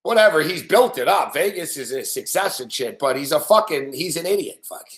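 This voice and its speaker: A man hosts a late-night sports betting show, his voice fairly high. He rants with nonstop profanity and sneering impressions of the people he quotes. The recording sounds echoey, as if in a bare room. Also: expressive, fairly quick, fairly bright tone. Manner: profane, angry ranting; mocking impressions of others. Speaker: host. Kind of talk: ranting sports betting commentary.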